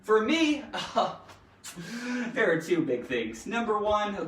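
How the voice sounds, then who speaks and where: Woman grammar teacher, giggly and jokey, wildly swooping pitch, slow unhurried delivery. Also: sing-song, distant mic. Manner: giggly, jokey, addresses viewers directly. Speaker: grammar teacher and show host. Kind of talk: playful live-stream grammar lesson. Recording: echoey room, voice off-mic.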